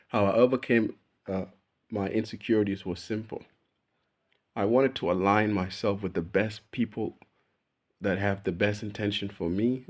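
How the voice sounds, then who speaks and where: A young man chatting casually to camera in a laid-back, slangy way, often calling the listener bro and laughing at himself. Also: fairly low pitch. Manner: relaxed slangy talk, calls the listener bro; laughs at himself while telling stories. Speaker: vlogger. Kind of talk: casual personal chat to camera.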